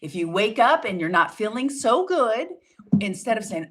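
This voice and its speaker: Middle-aged woman wellness coach, emphatic and encouraging, animated delivery, rhetorical questions. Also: fairly high pitch, moderate pace. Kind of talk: motivational talk.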